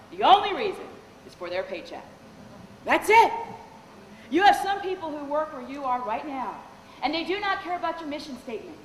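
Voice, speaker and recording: A woman with a high, very lively voice leading a corporate training session, teasing and quizzing her audience. She is recorded in a large, echoey event hall with a long reverb. Faint background noise sits under the voice. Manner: animated, humorous, quizzes the audience. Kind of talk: live seminar talk.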